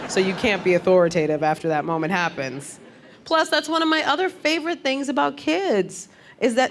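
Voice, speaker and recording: A woman performing stand-up comedy on stage, talking chattily with the crowd and asking it questions. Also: a little high. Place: comedy stage before a live audience. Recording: live stage recording with audience laughter and noise.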